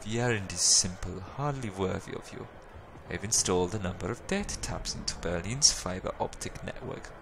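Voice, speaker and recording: A man's voice: deep voice, expressive, normal speed, creaky, noisy background. A man voicing a sly, fawning Turkish cafe owner in a video game, with an exaggerated Turkish accent and salesman's patter. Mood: hushed. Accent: exaggerated put-on Turkish. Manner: oily salesman patter, drops to conspiratorial murmurs. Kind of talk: reading a video game's dialogue aloud.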